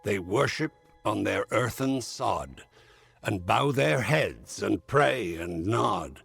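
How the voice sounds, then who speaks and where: An actor playing an ominous figure who recites a dark rhyming verse to mortals, slow and solemn. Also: male voice, on the low side, expressive, soft background music, heavily acted. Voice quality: gravelly, husky. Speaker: game character.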